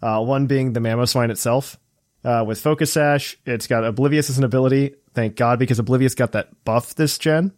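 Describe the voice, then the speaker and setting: Relaxed, chuckling male podcast host. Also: medium pitch, a little fast, no room sound, studio quality. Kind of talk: casual gaming podcast chat.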